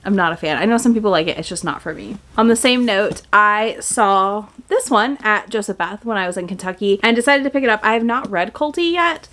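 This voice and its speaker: A woman's voice: medium pitch, lively intonation, fairly quick, hardly any pauses, fairly bright tone. A young woman chatting casually and enthusiastically in a book haul video, gushing with lots of fillers. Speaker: book vlogger.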